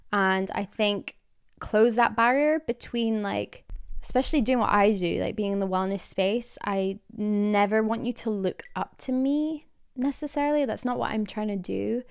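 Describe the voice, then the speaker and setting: A woman's voice: medium pitch, smooth. A woman in her twenties, hosting her podcast in a chatty, candid way with a mild Scottish accent tinged with American, often laughing. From Scotland. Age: 20s. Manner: chatty, lots of likes, quick laughs. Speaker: podcast host. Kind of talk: casual chat.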